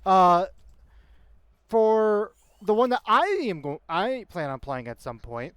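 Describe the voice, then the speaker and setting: A playful man with a high voice chats with friends on a stream. His pitch jumps around a lot, and the recording is close and dry. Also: sing-song, slow, a bit bright, smooth, no room sound. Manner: playful, interrupts to ask for clarification. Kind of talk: casual chat among friends on a livestream.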